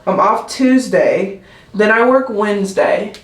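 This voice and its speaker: A woman's voice: medium pitch, expressive, takes it slowly. A woman, chatting in a rambling vlog style, full of "like" and "um". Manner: rambling, heavy use of "like" and "um". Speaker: nursing student vlogger. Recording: echoey room.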